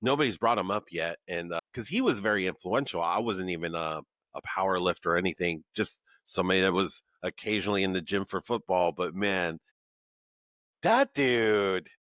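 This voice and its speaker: Deep-voiced man hosting, dry sound. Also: fairly quick, few pauses, a bit bright, no echo. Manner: enthusiastic, says "like" and "man" often. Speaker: podcast host. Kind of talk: casual interview chat. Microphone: remote recording.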